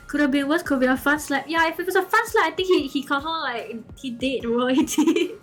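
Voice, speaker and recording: A young woman, casually telling a story to her chat, animated and giggly, full of okay and like. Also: sits high, brisk, faint music behind. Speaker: streamer.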